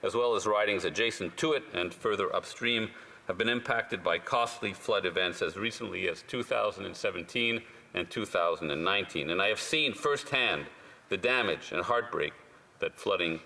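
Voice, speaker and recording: Earnest lawmaker, bright and ringing. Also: male voice, low voice, creaky. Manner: measured, earnest, persuasive. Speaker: member of parliament. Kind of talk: formal parliamentary speech. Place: large legislative chamber. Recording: long chamber reverb with faint room noise.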